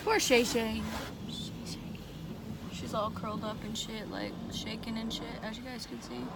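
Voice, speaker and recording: A woman vlogging casually from a parked car, swearing freely and cooing softly to her dog. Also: on the high side, level tone, moderate pace. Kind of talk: casual vlog chat. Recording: car noise in the background.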